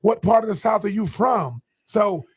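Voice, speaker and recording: A man's voice: high voice, moderate pace, slightly rough. A man co-hosting a sports radio show who tells stories with animation and slips into impressions. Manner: animated storyteller, does impressions. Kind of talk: casual sports talk.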